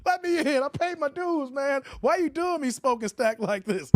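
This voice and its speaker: A man's voice: very high-pitched, normal speed, heavy background noise, voice pushed up. A man doing a whiny drunk pleading to get in. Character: drunk man pleading to be let back inside.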